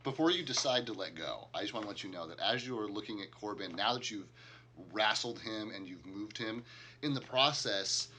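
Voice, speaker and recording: A man's voice: lowish voice, animated, brisk, sharp tone, a little hiss or hum. A man narrating a tabletop game as game master, talking casually with many fillers and chuckles.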